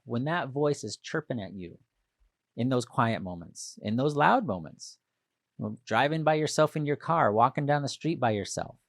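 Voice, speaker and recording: A man hosting a motivational leadership podcast, talking alone to listeners and acting out the inner voice with sudden loud outbursts. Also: medium pitch, no room sound, clean studio sound. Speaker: podcast host. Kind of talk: motivational solo podcast talk.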